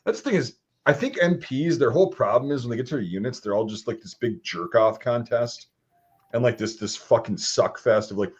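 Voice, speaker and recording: A man's voice: medium pitch, fast. A man, an army veteran, co-hosting a casual profane chat and telling war stories with lots of swearing and acted-out quotes. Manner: swears freely, animated storytelling with voiced quotes. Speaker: podcast host and army veteran. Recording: slightly dull lo-fi audio.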